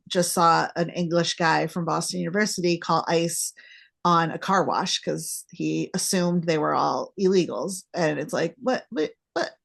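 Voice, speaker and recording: A woman hosting a podcast chats easily with her guest. Her voice sits a bit low and carries a gravelly fry. She turns animated whenever she acts out her own reactions. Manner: chatty, animated when acting out reactions. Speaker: podcast host. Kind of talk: casual interview chat.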